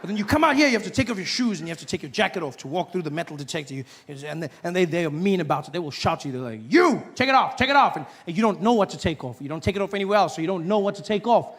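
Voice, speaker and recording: A man performing an animated stand-up routine, telling stories in a conversational way. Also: fairly high pitch, very fast, few pauses. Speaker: stand-up comedian.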